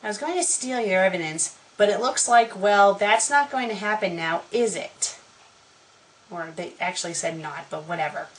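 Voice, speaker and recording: A woman's voice: mid-range voice, moderate pace, a bit bright, poor audio. Woman critic reading fan stories aloud, exasperated and foul-mouthed asides. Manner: sarcastic, profane, exasperated. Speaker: fanfiction critic. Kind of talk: comedic dramatic reading with commentary.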